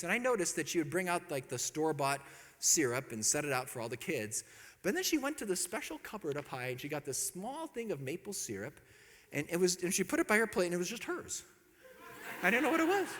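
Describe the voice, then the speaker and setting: Animated man telling stories in a big hall. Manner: animated, acts out quotes with big pitch jumps. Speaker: Catholic speaker. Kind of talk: storytelling talk to an audience. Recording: long hall reverb.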